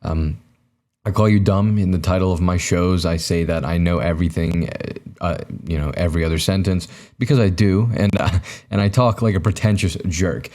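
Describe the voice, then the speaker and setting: Young male podcast host, deep and mellow, self-deprecating ramble to camera. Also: steady tone, moderate pace. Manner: self-mocking, rambling with many fillers and restarts. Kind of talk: solo comedic monologue to camera. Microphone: camera mic, recording himself.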